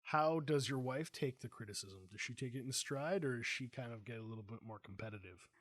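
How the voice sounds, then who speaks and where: A middle-aged man hosting a casual chat, telling animated, jokey stories. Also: mid-range voice, fairly quick, dry recording. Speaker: host.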